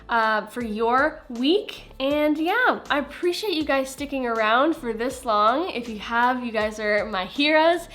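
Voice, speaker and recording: A woman's voice: a little high, fairly bright tone. A young woman giving a chatty, laid-back cooking voiceover for her vlog, often saying "like". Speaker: cooking vlogger. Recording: faint music behind.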